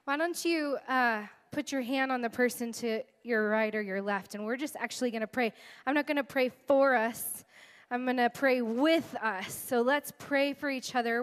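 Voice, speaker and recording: A high-voiced woman preaches and prays, earnest and a little tearful. Her talk is chatty and warm-hearted, full of fillers and heartfelt asides. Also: smooth. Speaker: guest speaker and worship leader. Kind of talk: sermon with spoken prayer.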